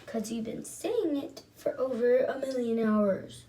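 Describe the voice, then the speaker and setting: A woman casually telling a story to her viewers while doing her makeup, soft-spoken and rambling with lots of fillers. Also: on the high side, lively intonation, measured pace. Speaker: vlogger.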